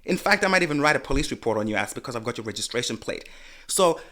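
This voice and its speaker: A man's voice: mid-range voice, lively intonation, rapid-fire, sharp tone. Man telling a heated, profane story. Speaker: podcast co-host. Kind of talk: casual podcast chat.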